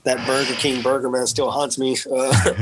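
A military veteran tells a personal story in a candid, casual way, swearing freely and peppering his speech with "man" and "dude". His medium-pitched voice is steady and measured, with background noise present.

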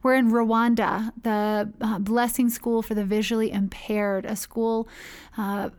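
A woman with a slightly high voice tells how she founded her charity, in a casual interview. She talks in a chatty, rambling way, full of fillers and restarts. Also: level tone, a little slow, a little mellow. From United States.

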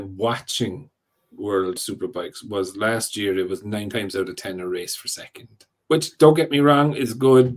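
A man hosting a casual podcast chat, rambling with restarts and often asking "do you know what I mean". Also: mid-range voice. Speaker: podcast host.

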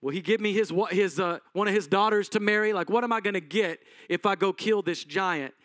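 An eager, brash teenage boy rattles off quick, stumbling questions, as a preacher puts him on. His voice is fairly high and the sound is dry and close. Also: a bit bright, no room sound. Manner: rapid, stammering questions.

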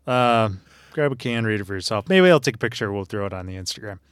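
A man's voice: on the low side, expressive, quick pace, smooth, no echo, studio quality. A man co-hosting a casual beer podcast, joking and reading can labels aloud in playful put-on voices. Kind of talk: casual chat.

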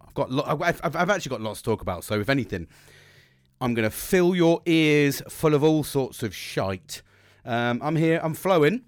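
A middle-aged man talks alone into a close podcast mic, rambling from one story to the next with plenty of swearing and self-mockery. His voice sits a little high for a man. The sound is dry, with no room around it. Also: lively intonation, moderate pace, dry recording. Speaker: podcast host. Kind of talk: casual solo podcast monologue. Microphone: close podcast microphone.

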